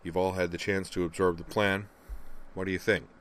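A man's voice: low-pitched, little pitch movement, lightly acted. A man voicing a young male cadet captain who leads his team in a businesslike, decisive way. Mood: brisk. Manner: brisk, decisive.

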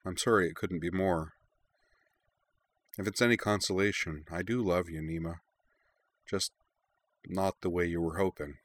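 Man reading a gentle, wry young man. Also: deep voice, fairly even intonation, normal speed, pauses often.

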